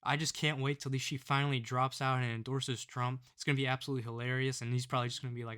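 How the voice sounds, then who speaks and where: A man delivering a political commentary vlog with a smooth, resonant voice. He rants with open scorn and keeps driving his points home with a pushy "all right?". The pitch sits at an ordinary middle male level. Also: level tone, fast talker, few pauses, a bit bright.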